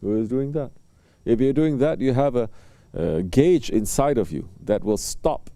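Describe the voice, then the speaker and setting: A man preaching in a very dark, mellow voice, taking his time with pauses and soft fillers between phrases. He tells little stories and briefly plays the people in them as he teaches. The sound is close and dry, with no room echo. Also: mid-range voice, animated. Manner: storytelling, acting out short exchanges between people. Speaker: Sufi religious teacher. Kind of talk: sermon.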